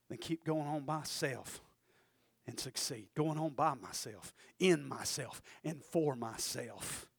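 A male pastor preaching an impassioned sermon in a church, swinging from shouts to hushed asides. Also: on the high side, vocal fry, dry recording, clean studio sound. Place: church sanctuary.

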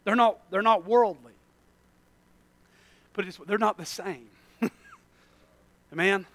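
A man preaching a sermon, emphatic and full of repeated phrases, moving from loud bursts to hushed asides. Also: high voice, unhurried.

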